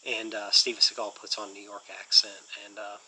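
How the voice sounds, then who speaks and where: A man's voice: lowish voice, level tone, brisk, sharp tone, breathy edge, rough recording. A man hosting a casual movie review channel, rambling enthusiastically with lots of fillers.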